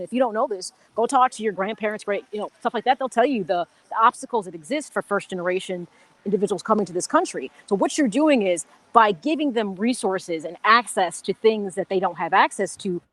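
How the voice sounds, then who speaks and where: A woman's voice: medium pitch, fairly quick. A woman co-hosting a live sports talk show on location, chatty, with lots of "you know what I'm saying.". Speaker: co-host. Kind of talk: live sports radio chat. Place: golf country club, on location.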